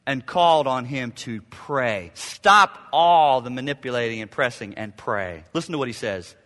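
A man preaching a sermon, swinging from shouted repeated appeals to hushed storytelling. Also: medium pitch, very animated, unhurried, long reverb tail.

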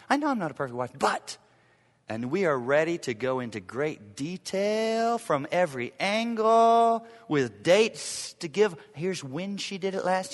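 A man in his forties preaching a sermon, emphatic and repeating his key phrases for the congregation. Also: high voice. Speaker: pastor. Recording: echoey hall reverb.

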